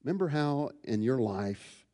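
A man's voice: mid-range voice, expressive, measured pace, mellow, big-room sound. A man preaching a sermon, explaining scripture verse by verse and asking his listeners rhetorical questions. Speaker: pastor.

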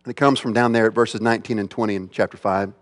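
A man's voice: fairly low pitch, fairly even intonation, quick pace, long reverb tail. A man preaching a sermon as pastor, emphatic, with repeated phrases and rhetorical questions.

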